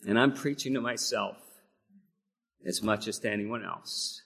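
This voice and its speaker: A man's voice: on the low side, measured pace, creaky, pauses often, fairly bright tone, breathy edge. A man preaching a sermon, earnest and building to emphatic peaks on key phrases. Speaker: pastor. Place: church sanctuary. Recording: long hall reverb.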